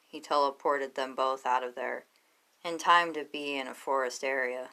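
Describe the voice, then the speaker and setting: A woman reading a fan fiction story aloud in plain, steady narration. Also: very deep voice, measured pace, clean tone.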